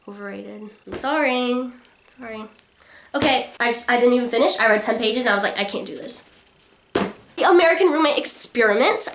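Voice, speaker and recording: A woman's voice: fairly high pitch, a bit bright, slight background noise. A young woman vlogging casual book reviews, chatty and full of "like" fillers.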